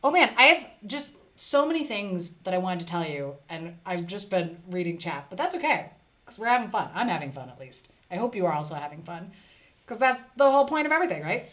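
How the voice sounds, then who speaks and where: A woman's voice: lowish voice, big pitch swings, a little fast, fairly bright tone. A woman hosting a casual live stream, chatting playfully and reading viewer comments aloud. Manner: chatty, reads chat aloud, playful asides.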